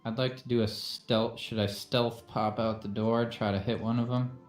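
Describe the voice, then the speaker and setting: A man's voice: mid-range voice, level tone, normal speed. A man playing a tabletop game in a laid-back, joking way. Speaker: player. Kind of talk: casual tabletop play chat. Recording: echoey room with faint music.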